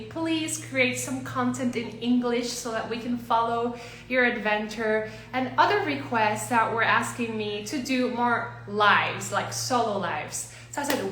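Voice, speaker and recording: A woman hosts a casual livestream, greeting her viewers one by one in a bubbly manner. Her voice is high and bright, and her pace is slow and unhurried. She is recorded at home in a room with noticeable echo. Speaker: livestream host. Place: home, neighbors gardening outside.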